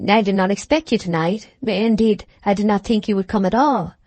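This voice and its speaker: A man's voice: high-pitched, fairly quick, darkish tone, no echo. A woman voicing an evasive young male soldier in an audiobook, with a cool, offhand manner. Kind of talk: audiobook character reading.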